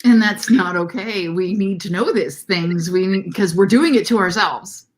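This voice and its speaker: A middle-aged woman speaks as a guest, chatting casually. She tells her story with animation, leaning into quoted lines with a lifted voice. Her pitch sits in an ordinary middle range. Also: unhurried.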